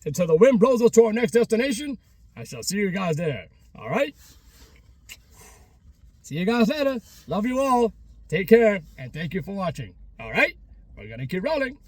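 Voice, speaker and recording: A man's voice: high-pitched, very animated, moderate pace, long pauses, husky, no room sound. A man with a New York accent, a vlogger of abandoned places, thanking his viewers with heartfelt emotion, close to tears and repeating himself. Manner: emotional, repetitive, on the verge of tears. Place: outdoors by an abandoned restaurant.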